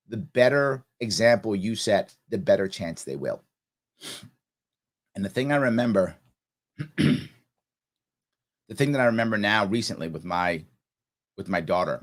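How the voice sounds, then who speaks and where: A man in his forties with a somewhat low voice talks straight to his listeners in a heartfelt personal monologue. He speaks earnestly, repeats his points for emphasis, and lets real emotion come through as he hosts his show. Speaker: show host.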